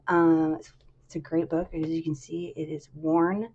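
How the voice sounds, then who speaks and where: Soft-spoken woman reading a novel. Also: deep voice, flat delivery, normal speed, highs cut off. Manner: soft, quiet, with fillers. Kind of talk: casual reading aloud.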